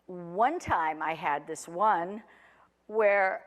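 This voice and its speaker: Speaking extremely slowly in a fairly low voice, a woman in her forties recounts her life as a former chef from a large hall. She's chatty and rambling, with self-deprecating humor.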